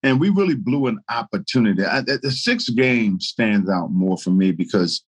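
A man, a guest telling lively stories in casual chat and laughing through them. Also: fairly low pitch, moderate pace. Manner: animated storyteller, laughing through anecdotes. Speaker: guest, retired basketball player.

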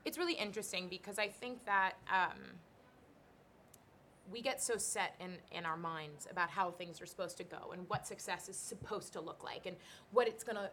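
A woman guest telling a lively story in a casual interview, laughing often as she goes. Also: medium pitch, moderate pace, a little hiss or hum. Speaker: guest, singer and stage actor.

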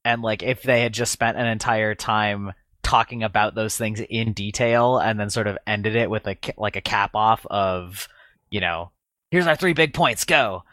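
A man's voice: fairly low pitch, little pitch movement, moderate pace, fairly bright tone, dry recording. A man chatting casually as a podcast guest, rambling with many fillers. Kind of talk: casual chat.

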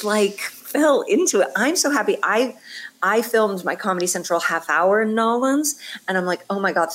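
A woman from Indiana, a comedian co-hosting a casual sports podcast, candid and animated with frequent laughter. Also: medium pitch. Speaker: comedian and co-host.

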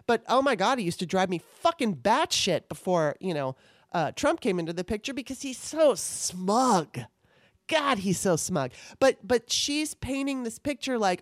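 A woman's voice: mid-range voice, sing-song, moderate pace, dry recording, clean studio sound. Profane, ranting woman on a call. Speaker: podcast co-host. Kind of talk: casual political chat. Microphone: remote call.

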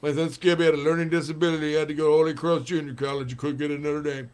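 A man impersonating a gruff old football coach with a lisp, blustering through a fiery pep talk. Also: a little high, flat delivery, very fast, close to an everyday voice. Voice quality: lisping, spitting, blustery. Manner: loud, boastful, rambling threats.

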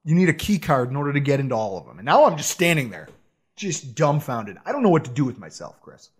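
A man co-hosting a podcast, telling a self-deprecating story in a casual, animated way with frequent laughs. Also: on the high side, fast talker, breathy edge. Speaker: podcast co-host.

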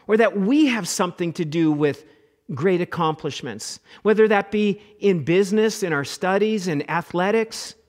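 Male pastor, middle-aged, sermon, animated, fairly high voice. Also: normal speed. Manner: animated, acts out quoted voices, repeats words.

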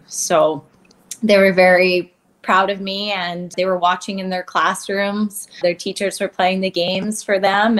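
A woman from Canada talks openly as an interview guest. Her voice sits at a middle pitch, and she speaks plainly and from the heart about difficult stretches of her life. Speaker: guest, athlete. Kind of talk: candid interview conversation.

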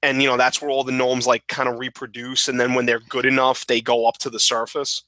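A man's voice: mid-range voice, a little fast, no echo. A man co-hosting a podcast, joking and swearing in casual banter. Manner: laughing, profane, animated. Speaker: podcast co-host.

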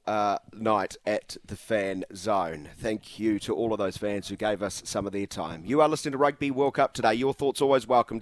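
A man's voice: medium pitch, no echo. A man hosting a sports radio show in a chatty, upbeat way with many fillers.

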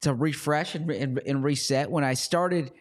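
A man's voice: fairly high pitch, normal speed. Chatty man rambling through sports talk. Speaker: co-host and team reporter.

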